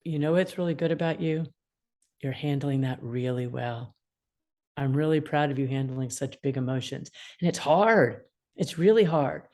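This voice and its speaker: A woman's voice: a bass voice, normal speed. A woman in her sixties, an attorney mediator, explaining parenting advice and acting out what upset teens feel. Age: 60s. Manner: animated, acts out quoted feelings.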